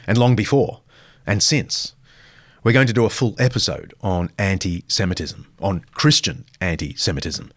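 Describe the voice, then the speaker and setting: A man hosting a podcast, answering listener questions in an animated, conversational way. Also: deep voice, dry recording, clean studio sound. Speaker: podcast host.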